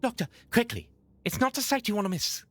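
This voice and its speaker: An eager laboratory assistant, read by a woman from a video game, urgent and full of awe. The voice moves lively up and down in pitch. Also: brisk. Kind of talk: reading game dialogue aloud.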